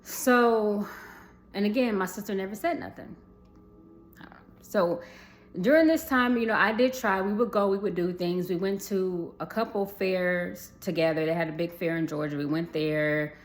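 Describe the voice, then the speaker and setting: A woman's voice: mid-range voice, moderate pace. A young adult woman telling a personal story to viewers in a casual storytime vlog, chatty, calling them y'all and swearing freely.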